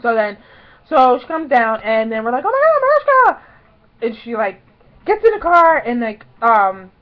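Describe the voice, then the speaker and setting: Young woman vlogger, twenties, higher voice, chatty storyteller, dull lo-fi home audio. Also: animated, moderate pace. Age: 20s. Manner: chatty, fills talk with "like", acts out her own past lines loudly. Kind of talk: casual storytelling vlog.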